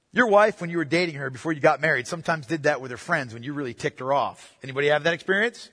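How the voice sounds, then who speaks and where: A man's voice: on the high side, quick pace, hardly any pauses, fairly bright tone. A man preaching an expository sermon to a congregation, emphatic and repetitive, asking the room questions. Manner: emphatic, repeats points, asks the congregation questions. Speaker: pastor. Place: church sanctuary. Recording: reverberant hall.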